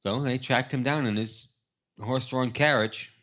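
A man's voice: mid-range voice, normal speed, fairly bright tone, highs cut off. A man co-hosting a casual podcast, exhausted, telling stories in a dry, plain way. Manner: tired, dry, plain storytelling. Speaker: podcast co-host. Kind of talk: casual chat.

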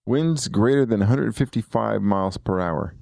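Male host, low gravelly voice, rambling and self-correcting, dry close sound. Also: normal speed, warm tone, no room sound. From eastern Pennsylvania. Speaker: podcast host. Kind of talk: casual chat.

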